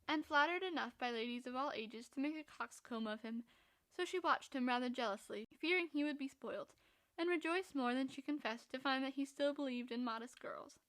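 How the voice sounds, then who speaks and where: A woman narrating a classic novel for a podcast in a steady, measured reading. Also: sits high, no room sound. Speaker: podcast reader.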